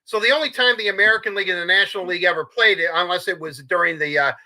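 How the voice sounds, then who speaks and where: An older man co-hosting a casual sports talk show, rambling and halting with repeated words and fillers. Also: sits high, bright, forceful tone. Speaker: co-host.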